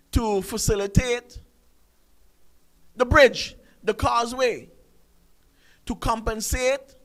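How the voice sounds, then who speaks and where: A man's voice: extremely high pitch, fairly bright tone, rough recording. A man, hosting a talk show and ranting through an emphatic commentary full of rhetorical questions. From Sint Maarten.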